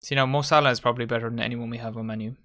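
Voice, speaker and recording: A man hosts a live match watchalong at a medium pitch. He calls the play in a casual, chatty way and banters with his mates and viewers as the game unfolds. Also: fairly even intonation, racing, fairly bright tone. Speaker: watchalong host.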